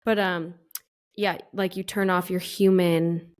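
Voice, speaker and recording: A woman co-hosting a podcast, telling stories in casual chat with an expressive, up-and-down delivery. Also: on the low side, takes it slowly. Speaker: podcast co-host.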